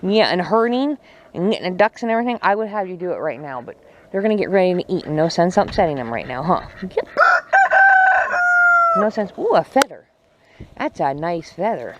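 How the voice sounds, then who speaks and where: A woman's voice: on the low side, very animated, a little fast, long pauses. A woman on a farm, chatting casually and teasing her animals in a playful baby-talk manner. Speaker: farm vlogger. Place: outdoors on a farm with poultry. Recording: noisy outdoor farm audio. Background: clucking chickens and crowing roosters.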